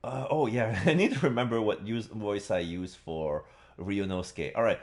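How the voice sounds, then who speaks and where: A man's voice: fairly low pitch, normal speed, a little mellow. A man streaming a game live, talking casually in a rambling way with many restarts. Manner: rambling, full of fillers and restarts.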